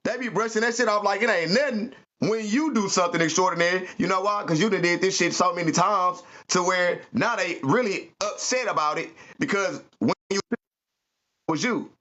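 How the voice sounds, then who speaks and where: A man's voice: sits high, moderate pace, sharp tone, dull audio. A man giving an emphatic spiritual motivational talk, preachy and full of profane slang. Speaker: podcast host.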